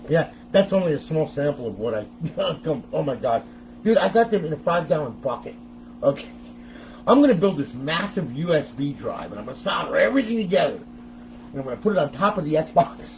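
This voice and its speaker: A man's voice: medium pitch, a little hiss or hum, low-quality recording. A middle-aged man hosting a casual step-by-step tech tutorial, chatty and often laughing as he talks to viewers.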